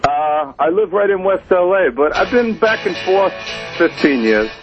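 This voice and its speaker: A man's voice: sits high, lively intonation, normal speed, highs cut off, music in the background. A man in his forties from Brooklyn, New York, calling into a radio show and giving brief, slightly defensive answers. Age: 40s. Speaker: caller.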